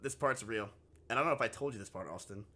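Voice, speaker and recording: A young male streamer tells his live chat a story in a casual way, swearing freely and acting out both sides of the conversation. His voice is fairly low, bright and forceful, and he talks fast.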